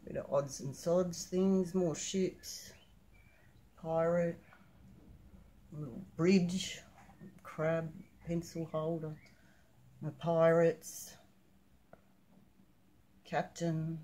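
Slow, halting woman touring her collection. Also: deep voice, fairly even intonation, warm tone. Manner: slow, halting, lists items one by one. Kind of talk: casual home video tour.

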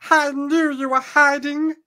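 Man putting on a shrill teasing sorceress. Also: bright, forceful tone, heavily acted. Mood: mocking. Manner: shrill, slow, teasing sing-song. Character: scheming nosy female sorceress.

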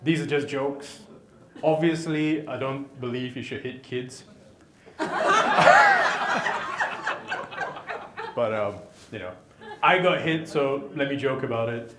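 A man's voice: medium pitch, wildly swooping pitch, slow, pauses often, background noise. A man doing stand-up comedy, with cheeky asides to the audience. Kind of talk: stand-up comedy with crowd work. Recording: live crowd in an echoey venue.

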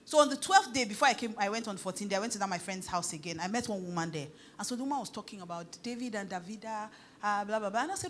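A woman's voice: medium pitch, fast talker, hardly any pauses, a little hiss or hum. A middle-aged woman with a Nigerian accent, preaching a sermon as a pastor, telling stories, dropping pidgin phrases and laughing often.

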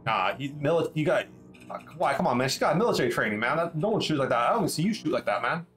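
A man voicing an excitable, jittery man who swears and keeps saying "man", pitched well above his own voice. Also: fast talker, soft background music. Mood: amazed. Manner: swears, says "man" constantly.

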